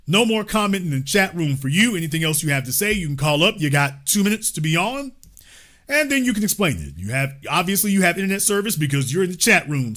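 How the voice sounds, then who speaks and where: Male livestream host: sarcastic and mocking, with a bright, forceful voice. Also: high voice. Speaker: livestream political show host. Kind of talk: livestream commentary.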